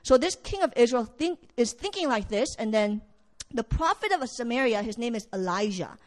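High-voiced woman giving a sermon, animated storytelling, does the characters' lines herself. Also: moderate pace, long reverb tail. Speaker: preacher.

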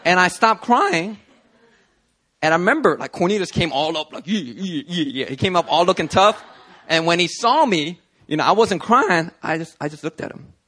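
A man giving a Christian sermon-style video talk, telling personal stories in an animated, conversational way. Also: sits high, normal speed, slight background noise. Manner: animated storytelling, conversational with fillers. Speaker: Christian teacher.

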